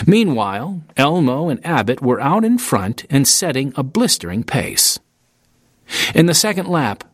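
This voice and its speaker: A man reading an audiobook in steady, scripted narration into a close studio mic. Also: mid-range voice, dry recording. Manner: steady storytelling, lively intonation.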